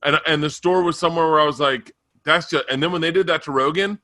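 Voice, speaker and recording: Bright blunt comedian host, dry sound. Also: male voice, fairly high pitch, quick pace, no room sound. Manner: blunt, profane, stumbling restarts. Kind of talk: casual chat.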